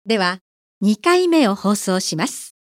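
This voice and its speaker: A woman giving formal test instructions in a brisk announcing manner. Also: mid-range voice, big pitch swings, dry recording, clean studio sound. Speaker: exam announcer.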